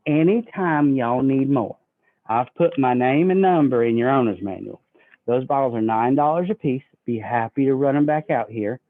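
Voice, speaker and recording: A man's voice: medium pitch, expressive, normal speed. A man giving a sales training talk, folksy and acting out customer dialogue. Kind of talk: sales training talk with role-played pitches. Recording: tinny phone-like audio.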